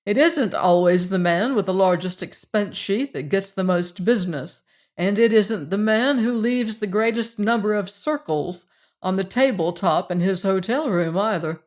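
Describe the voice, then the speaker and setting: A reader doing a crisp, impatient businesswoman. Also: medium pitch, normal speed, close to an everyday voice. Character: crisp, businesslike woman executive. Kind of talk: audiobook character reading.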